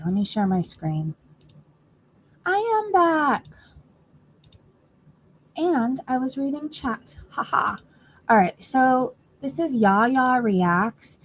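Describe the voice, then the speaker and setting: A woman's voice: medium pitch, a little hiss or hum. Chatty woman hosting a reaction stream. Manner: chatty, gossipy, talks straight to chat. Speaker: livestream reaction host. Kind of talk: casual livestream chat.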